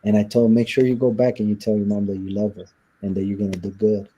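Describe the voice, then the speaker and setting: Husky, dark-voiced man telling his story. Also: fairly low pitch, level tone, quick pace. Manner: recounts events by acting out quoted dialogue. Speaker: interview guest. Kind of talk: storytelling in a sit-down interview.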